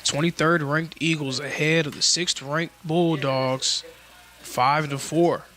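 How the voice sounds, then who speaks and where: A male play-by-play announcer calling a college baseball game. His voice sits a little high for a man and has a bright, forceful edge. He keeps a steady, informative delivery between pitches. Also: takes it slowly, soft background music. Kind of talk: live baseball commentary.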